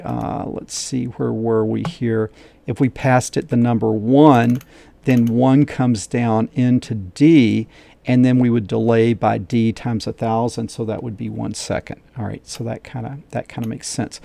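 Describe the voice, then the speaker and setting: Slow, gravelly middle-aged male teacher. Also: mid-range voice, mellow. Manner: thinks aloud, repeats steps, checks himself. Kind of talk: screen-share coding lesson.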